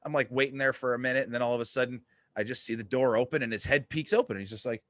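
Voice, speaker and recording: Male podcast host, mid-pitched, lively, cursing storyteller; dry close-mic sound. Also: very fast, dry recording. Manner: animated, swearing, excited storyteller. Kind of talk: casual storytelling chat.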